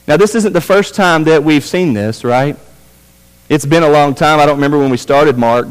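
A man preaching a sermon as pastor, building with fervor through repeated phrases and dropping low for quiet emphasis. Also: lively intonation, unhurried, clear, resonant tone. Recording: church hall with long reverb.

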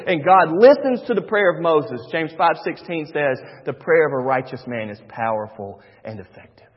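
A man, a pastor preaching a sermon, swinging between loud and hushed. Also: sits high, normal speed, hardly any pauses. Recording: dull recording with long church reverb.

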